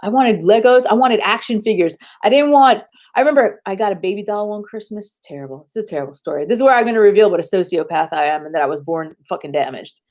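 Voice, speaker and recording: A woman chatting on a live stream, telling animated, profane stories with frequent laughs. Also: medium pitch, fast, few pauses. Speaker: livestreamer. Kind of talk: casual live-stream chat and storytelling.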